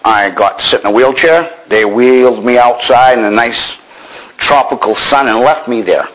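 A man's voice: mid-range voice, moderate pace, fairly bright tone, low-quality recording. An older man from Maine telling his own war story with dry, wry understatement. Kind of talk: personal storytelling.

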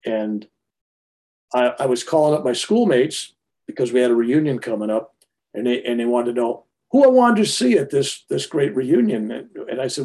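An older man spins a personal tale, his voice mellow and low-key at a middling pitch. He rambles and restarts his sentences, then lifts into animated bursts as he goes. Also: normal speed. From United States. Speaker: storyteller. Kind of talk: personal storytelling.

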